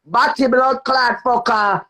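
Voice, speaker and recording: A woman's voice: on the high side, fairly even intonation, slow pace, pushed and bright, poor audio. A woman with a Jamaican accent on a live stream, hurling insults and repeating herself for emphasis. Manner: insulting, cursing, emphatic repetition. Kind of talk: heated live-stream rant.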